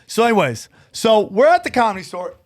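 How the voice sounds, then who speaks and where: Man, high voice, podcast co-host, animated storytelling, acts out quotes, casual chat. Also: a little fast.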